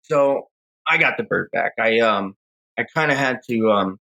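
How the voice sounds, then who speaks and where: Bright-voiced man telling a story. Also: medium pitch, a little slow, creaky, rough recording. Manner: rambling, relaxed storyteller with many fillers. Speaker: podcast guest, falconer. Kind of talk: casual storytelling.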